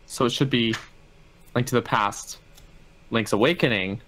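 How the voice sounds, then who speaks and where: Relaxed man chiming in. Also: medium pitch, a little hiss or hum, low-quality recording. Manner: relaxed, chiming in with quick agreements. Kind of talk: casual chat.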